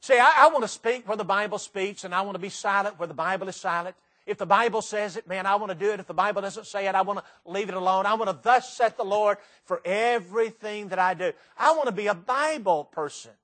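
A man preaching a sermon, reciting poetry dramatically and firing rhetorical questions at the congregation, swinging from loud to soft. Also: high-pitched, quick pace, hardly any pauses.

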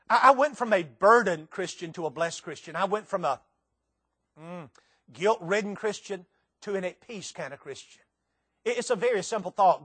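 Older male preacher, high-pitched, emphatic sermon delivery, live church audience. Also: a bit bright. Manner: emphatic, dramatic swings in pitch and volume.

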